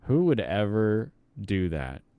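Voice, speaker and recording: Low, smooth-voiced man thinking aloud. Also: sing-song, slow pace, warm tone, dry recording. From Pacific Northwest, US. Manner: thinks aloud, chatty, reacts to chat. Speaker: streamer. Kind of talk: casual gameplay commentary.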